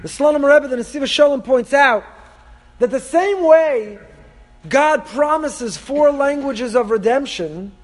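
A very high-pitched man leads a text-study lesson, reading passages aloud and translating them line by line. He speaks emphatically and poses rhetorical questions to his listeners. His voice rings with a long hall reverb. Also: lively intonation, measured pace. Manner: reads source texts aloud then translates them. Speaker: Torah teacher.

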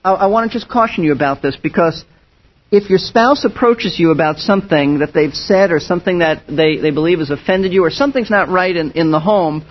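Pastor, male, high and husky voice, earnest emphatic sermon delivery, dull lo-fi recording. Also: brisk. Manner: earnest and emphatic, with frequent restarts. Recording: dull lo-fi sound.

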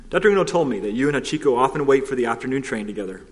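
A man's voice: mid-range voice, lively intonation, rapid-fire, close to an everyday voice. A man voicing a stooped, kindly old gardener in a storybook, plain and friendly. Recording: long hall reverb.

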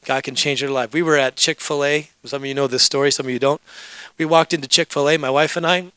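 Bright-voiced man preaching a sermon. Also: fairly high pitch, steady tone, fast, clean tone, dry recording. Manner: storytelling, joking asides with the congregation. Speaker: pastor.

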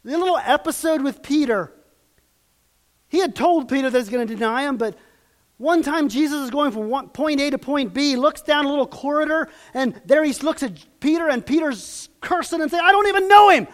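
A man delivers a sermon in a high voice. He swings from loud, emphatic peaks to hushed, quiet passages. He acts out quoted lines and puts questions to his listeners. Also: moderate pace. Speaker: preacher.

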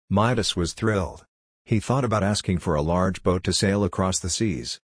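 Deep, husky male storyteller. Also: moderate pace, no echo, clean studio sound. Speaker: narrator. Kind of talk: scripted storybook narration.

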